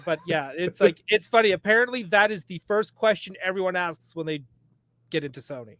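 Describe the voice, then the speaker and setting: A man's voice: sits high, fairly quick, sharp tone, no room sound. A man co-hosting a casual podcast, laughing often and reading wiki entries aloud. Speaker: podcast co-host. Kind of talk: casual chat while browsing a wiki.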